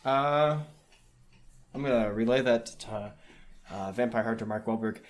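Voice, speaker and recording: A man's voice: fairly low pitch, unhurried, a little hiss or hum. A man playing a tabletop game in a casual, offhand way. He thinks aloud as he works out his moves and questions. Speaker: player.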